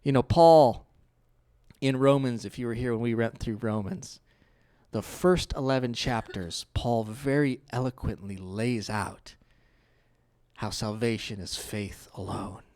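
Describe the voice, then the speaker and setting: A middle-aged pastor delivers his sermon with a medium-pitched voice at a slightly slow pace. He keeps things conversational, lively and playful with the congregation.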